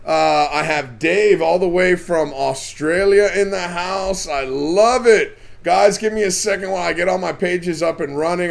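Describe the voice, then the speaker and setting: A man's voice: fairly high pitch, vocal fry. A man hosting a casual live stream about fishing, chatting and reading out the names of viewers as they join.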